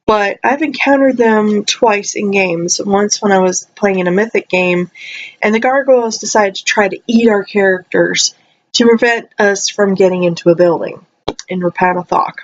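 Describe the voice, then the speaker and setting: A young woman vlogger rambling casually, her voice jumping high when excited, her throat a little dry. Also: measured pace, slight background noise. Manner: chatty, rambling, animated with sudden high jumps. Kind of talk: casual chat. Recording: slightly dull lo-fi audio.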